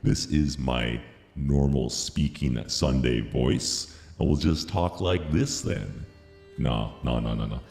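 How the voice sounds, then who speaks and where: A booming, deliberately slow mock-announcer voice, as a streamer puts it on, low and dark with a gravelly fry. It rings out in an echoey space with a long tail of reverb, over faint background music. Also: male voice, full character voice. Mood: mock-serious. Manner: drawling, exaggeratedly deep and gravelly. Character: man's mock-deep, slow announcer-style "Sunday voice".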